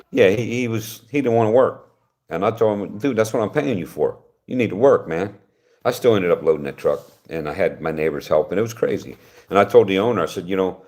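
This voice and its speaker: Older man, host, loose rambling livestream talk, deep low voice. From West Virginia, United States. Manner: rambling, conversational, frequent restarts. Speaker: channel host reading viewer comments. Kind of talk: casual livestream chat.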